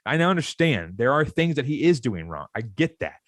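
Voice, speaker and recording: A young man co-hosting a sports podcast. He rants in a heated, fired-up way at a mid pitch. His voice sounds close and dry, with no room echo. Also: sing-song, a little fast, a bit bright. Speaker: podcast co-host. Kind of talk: casual sports podcast rant.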